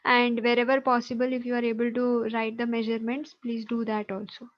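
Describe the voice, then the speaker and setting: A woman's voice: fairly high pitch, completely flat delivery, a little fast, lo-fi sound. A woman teacher with an Indian English accent, patiently explaining geometry in an online class and checking in with the students often. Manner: patient, explanatory, checks understanding with tag questions.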